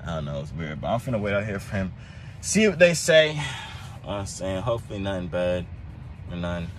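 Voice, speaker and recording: A young man, chatting casually and rambling on a video blog, and coaxing his cat in high tones. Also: very animated, fairly quick, a little hiss or hum. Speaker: vlogger. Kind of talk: casual vlog chat. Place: at home, then in a car.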